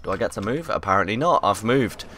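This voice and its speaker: A man's voice: fairly low pitch, expressive, fast, fairly bright tone, a little hiss or hum. A man giving upbeat, joking commentary while playing a game. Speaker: YouTuber. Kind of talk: casual gameplay commentary.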